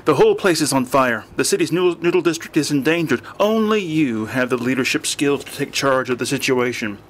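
A man voicing a calm, persuasive old male scientist in an audiobook. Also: medium pitch, brisk. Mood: urgent. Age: over 60.

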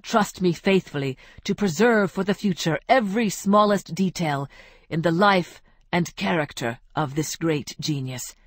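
A woman's voice: lowish voice, unhurried, no room sound, clean studio sound. A woman voicing an eloquent, grandiose male biographer who speaks in flowery, effusive phrases.

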